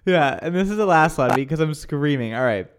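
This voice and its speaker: A man hosting a relaxed radio chat, his voice sitting a little high. He reads out listener messages and laughs easily through them. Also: brisk, clean tone. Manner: laughs often while reading. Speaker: host. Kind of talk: casual radio chat, reading listener texts.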